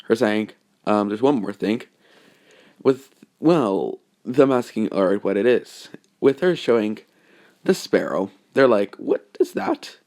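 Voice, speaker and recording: A man's voice: lowish voice, unhurried, darkish tone. A young man narrating a fan story off the cuff, rambling with many fillers and self-corrections.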